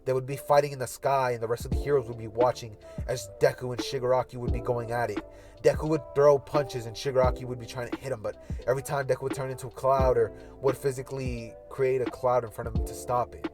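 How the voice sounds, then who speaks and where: A man's voice: medium pitch, steady tone, fast talker, music in the background. A man casually narrating a hypothetical anime fight scenario, rambling with fillers. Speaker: YouTuber. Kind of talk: casual fan-fiction storytelling.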